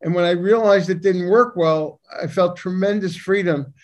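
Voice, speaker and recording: Male psychiatrist co-host, high-pitched voice, forthright and opinionated. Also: normal speed. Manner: emphatic and opinionated. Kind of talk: conversational discussion.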